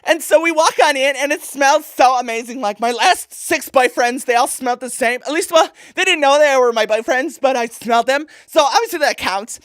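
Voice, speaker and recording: A woman's voice: sits high, normal speed, few pauses, no echo, studio quality, close to an everyday voice. A woman playing a vapid, self-absorbed young woman shopper in a comic monologue, gushing in an airheaded valley-girl way.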